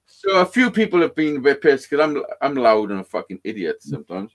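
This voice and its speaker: A man's voice: medium pitch, fairly quick. A man telling a rambling, sweary story in casual chat. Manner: rambling, heavy swearing, animated. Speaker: podcast guest storyteller.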